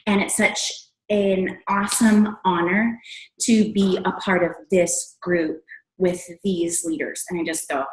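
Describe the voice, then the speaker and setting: A woman telling an excited testimonial at a training meeting, laughing often and bursting into loud exclamations. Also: on the low side, unhurried. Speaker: distributor sharing a story. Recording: echoey room.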